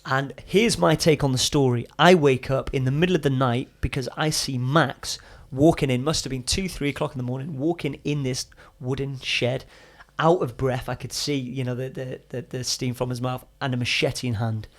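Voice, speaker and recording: A young man tells a story on a podcast, animated and chatty, dropping casual swear words as he goes. His voice sits at a middling pitch. He is heard close on a studio mic. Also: normal speed, hardly any pauses. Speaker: podcast guest, adventurer.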